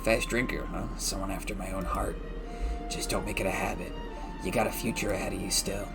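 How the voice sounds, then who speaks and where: A man voicing a weary, gloomy young male drinker in a gravelly, low and tired voice. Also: fairly even intonation, fairly quick, music in the background. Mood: gruff.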